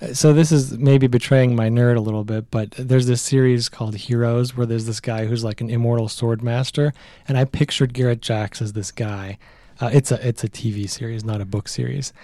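A man co-hosting a casual book podcast, chatty and animated, who often acts out little quoted lines. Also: mid-range voice, a little fast, hardly any pauses, no room sound. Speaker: podcast co-host.

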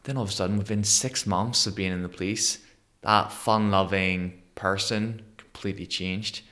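Northern irish man, thirties, lowish voice, lively storyteller, podcast guest. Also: moderate pace. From Northern Ireland. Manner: animated, acts out quoted voices. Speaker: guest, motivational speaker. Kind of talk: conversational storytelling interview.

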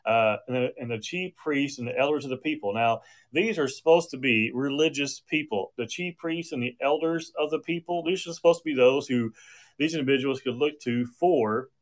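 A man's voice: medium pitch, moderate pace. Man preaching a conversational sermon. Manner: conversational with frequent restarts and fillers. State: occasional coughing.

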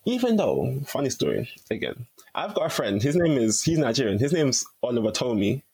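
A young man, a podcast guest telling stories in a relaxed, chatty way. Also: mid-range voice, fairly quick, gravelly, husky, rough recording. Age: young adult. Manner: chatty and relaxed, heavy use of "like". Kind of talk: casual storytelling chat.

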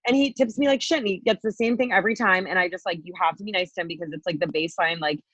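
A woman's voice: fairly low pitch, rapid-fire, fairly bright tone, breathy edge, dry recording. A young woman co-hosting a podcast, venting in a heated, profane ramble packed with "like" fillers. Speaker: podcast co-host. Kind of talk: casual chat, venting story. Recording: dull lo-fi dry podcast audio.

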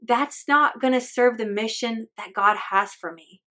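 Bright-voiced woman hosting a faith podcast. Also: a little high, a little slow. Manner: earnest, candid, chatty with many fillers. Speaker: podcast host.

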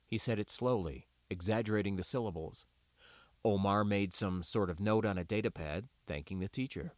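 A man narrating an audiobook with a wry, expressive reading. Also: fairly low pitch, moderate pace, no echo.

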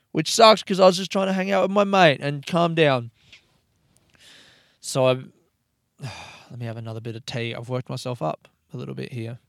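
Rambling, swearing young man with a smooth voice. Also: medium pitch, dry recording, clean studio sound. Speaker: comedian. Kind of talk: casual storytelling monologue. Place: parked hire car by a road.

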